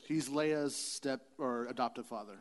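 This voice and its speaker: A man with a middling pitch reads out predictions in casual podcast talk. His delivery is dry and matter-of-fact. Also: unhurried. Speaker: podcast co-host. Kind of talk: casual chat, reading out predictions.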